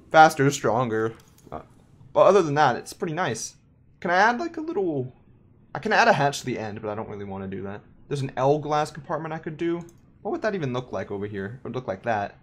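A man giving casual, self-mocking let's play commentary while building in a game, animated and giggly. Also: fairly high pitch. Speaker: gameplay host.

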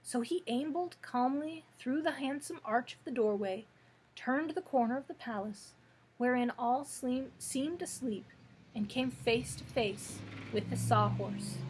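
A woman librarian reading a children's story aloud with steady storytelling narration. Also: high-pitched, a little slow, a little hiss or hum, rough recording.

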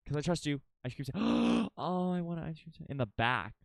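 A young man streaming a game live, narrating dramatically and swinging between loud panic and low, repetitive mutters. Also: sing-song, fairly quick, creaky, dry recording.

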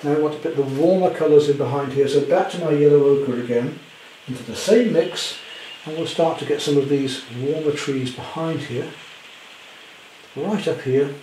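Mellow-voiced man teaching painting. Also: on the high side, normal speed, roomy sound, a little hiss or hum, rough recording. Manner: chatty, gentle self-deprecating humour. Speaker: art teacher. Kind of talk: painting demonstration. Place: indoor studio at home.

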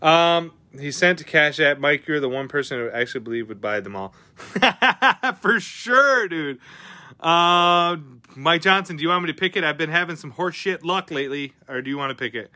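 A man hosting a live card-opening stream, chatting casually with viewers, excitable and often swearing as he reacts to each pull. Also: on the high side, normal speed, no room sound.

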